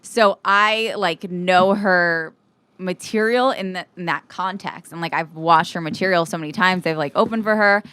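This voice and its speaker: A woman's voice: fairly low pitch, moderate pace, bright, forceful tone, clean tone. A woman hosting a podcast, talking in a gushing way with lots of "like". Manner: gushing, filler-heavy with lots of "like". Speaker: podcast host. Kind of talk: casual podcast chat.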